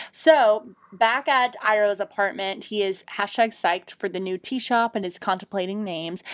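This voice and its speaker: A young woman co-hosting a podcast, retelling episodes in casual chat, swearing and laughing often. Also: medium pitch. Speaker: podcast co-host.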